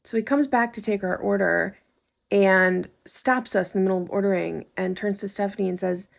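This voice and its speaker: A woman's voice: mid-range voice, steady tone, moderate pace, gravelly. A woman casually telling a personal story in a wry, conversational way. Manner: wry, conversational, acts out quotes.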